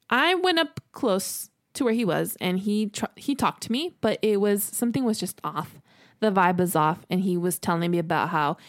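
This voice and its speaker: A young woman co-hosting a podcast, telling a personal story in an animated, exasperated way and swearing freely. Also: mid-range voice, no echo, clean studio sound. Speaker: podcast co-host.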